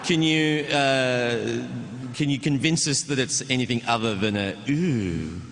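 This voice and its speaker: A man's voice: mid-range voice, a little slow, fairly bright tone. A man interviewing on stage, asking questions hesitantly with many fillers. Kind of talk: onstage interview. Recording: echoey hall, faint room noise.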